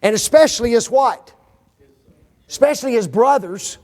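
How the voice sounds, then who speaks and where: Male Bible class teacher, high and very animated voice, quizzes the room with leading questions, folksy humor. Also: normal speed. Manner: quizzes audience with fill-in questions; folksy, joking asides. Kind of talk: Bible study lesson.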